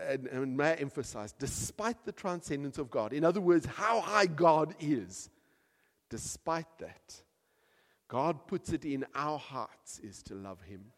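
A man preaching a sermon with emphatic delivery, rising to loud peaks and dropping to soft, quiet passages. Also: mid-range voice. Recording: long hall reverb.

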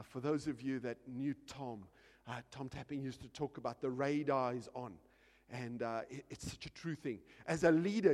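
A man preaching a sermon as pastor, animated, dropping quiet and then shouting, acting out little scenes. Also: on the high side, big-room sound.

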